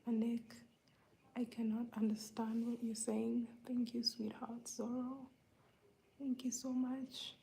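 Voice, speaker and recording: A woman from Uganda hosting a live stream, greeting viewers one by one in a soft, laid-back, whispery way while feeling under the weather. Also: a little high, flat delivery, slow pace, gravelly, poor audio. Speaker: livestream host greeting viewers.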